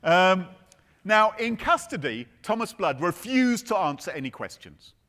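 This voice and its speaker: A man's voice: sits high, very animated, unhurried, sharp tone. A man giving a humorous conference keynote on stage, telling a story with playful, theatrical asides. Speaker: keynote speaker. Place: conference stage before an audience.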